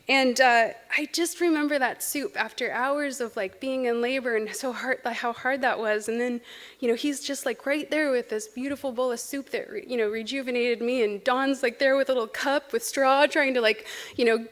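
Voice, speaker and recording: A woman's voice: a little high, moderate pace, fairly bright tone. Chatty woman telling memorial stories. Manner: chatty, laughs between anecdotes. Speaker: eulogy speaker. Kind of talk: personal storytelling at a memorial.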